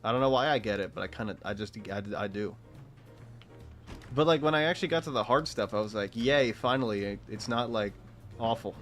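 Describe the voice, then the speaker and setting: A man's voice: lowish voice, quick pace, a bit bright, soft background music. A man from Texas giving casual, rambling gameplay commentary as a streamer, swearing freely and laughing often.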